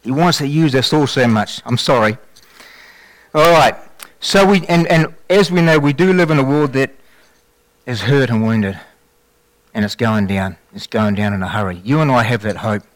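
A man telling a faith testimony in a sermon, with animated storytelling and frequent restarts. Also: mid-range voice, normal speed, dry recording. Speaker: lay preacher giving testimony.

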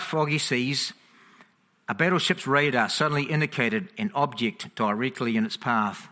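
A man preaching a sermon to a congregation, chatty and animated, checking in often with the listeners. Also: mid-range voice. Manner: chatty, animated, frequent "okay?" check-ins.

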